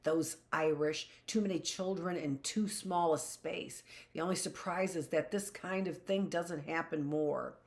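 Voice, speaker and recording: A resentful landlady hisses her complaints in a low, grumbling register, read aloud by a woman. She sounds fretful and put-upon, as if muttering through a wall. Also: steady tone, a little slow, hardly any pauses. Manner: hissing, complaining. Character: fretting, resentful German immigrant landlady.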